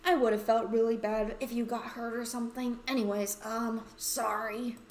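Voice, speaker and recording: A loud, giddy young boy from a story game, as a woman reads him out. He bursts out with high, eager words, and the recording has a roomy echo. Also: flat delivery, normal speed, slight background noise, close to an everyday voice. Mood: sheepish. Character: excitable young boy classmate.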